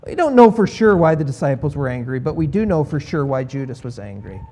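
A man's voice: a little high, sing-song, fairly quick, warm tone, a little hiss or hum. A man preaching a sermon as pastor, telling the story with emphasis and a playful, sarcastic streak.

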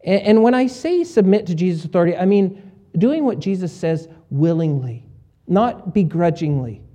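A male pastor giving a conversational sermon. He often acts out what his listeners might say and often shifts between soft and loud. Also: sits high, lively intonation, normal speed. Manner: conversational preaching with shifts in volume and voiced asides.

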